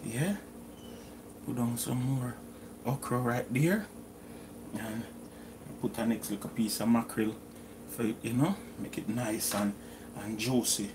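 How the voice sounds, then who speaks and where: A man's voice: medium pitch, background noise. A middle-aged Jamaican man chatting casually through a home cooking vlog in his kitchen, slipping into patois phrasing. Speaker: cooking vlogger.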